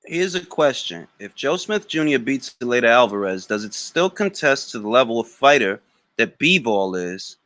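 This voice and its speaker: Animated, slangy man hosting a boxing Q&A. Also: mid-range voice, moderate pace, no room sound. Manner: animated, blunt, slangy, swears. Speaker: boxing talk show host. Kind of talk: live Q&A reading chat comments.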